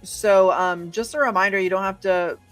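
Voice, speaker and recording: Woman, mid-pitched voice, casual co-host, quick friendly asides and reminders. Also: fairly even intonation, fairly bright tone, faint music behind. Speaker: librarian co-host of a live research show. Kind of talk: casual live instructional chat.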